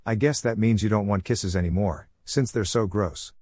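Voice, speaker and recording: A man's voice: fairly low pitch, moderate pace, darkish tone, no echo, studio quality, lightly acted. A man reading as a teasing young ninja dad. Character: cheerful young adult male ninja father.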